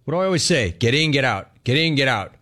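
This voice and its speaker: A man hosting a sports talk radio show, taking callers and riffing in a brash, animated way with punchy repeated words. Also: medium pitch, fast, a little hiss or hum. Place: radio studio.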